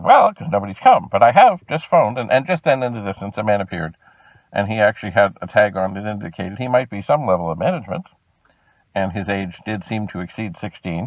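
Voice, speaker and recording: A man from Canada telling a long customer-service story, animated and exasperated in tone. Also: lowish voice, no echo, lo-fi sound. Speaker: video host. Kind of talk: storytelling vlog.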